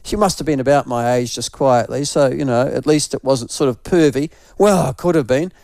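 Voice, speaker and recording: Older NZ radio host, unwell with flu, fairly high voice, rambling self-deprecating yarns, dry studio sound. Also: male voice, lively intonation, moderate pace, a little mellow, no echo. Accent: New Zealand. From New Zealand. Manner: rambling, self-mocking storyteller. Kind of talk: casual morning radio chat.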